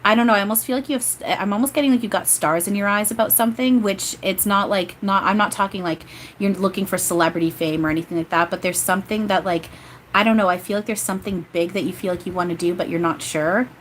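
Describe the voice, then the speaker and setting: A chatty woman medium giving a casual livestream reading, rambling and giggling as she goes. Her pitch sits in the middle of the range. A faint hiss of noise runs under her voice. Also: quick pace. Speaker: psychic medium.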